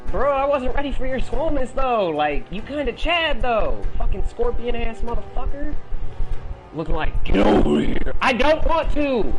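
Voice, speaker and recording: A young man giving casual gameplay commentary as he plays, swearing a lot and shrieking when he is startled. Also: sits high. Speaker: gaming video host.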